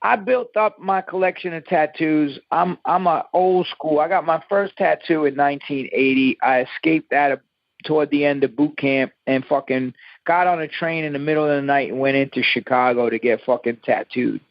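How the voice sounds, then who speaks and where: A man's voice: fairly high pitch, normal speed, no room sound. A man in his fifties, a musician interviewed over the phone, telling stories in a profane, emphatic way. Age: 50s. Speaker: musician guest. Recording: dull lo-fi phone line.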